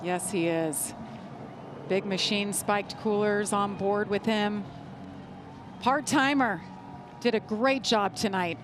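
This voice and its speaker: A woman calling a race broadcast in an upbeat, brisk way. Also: mid-range voice, background noise. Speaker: play-by-play announcer.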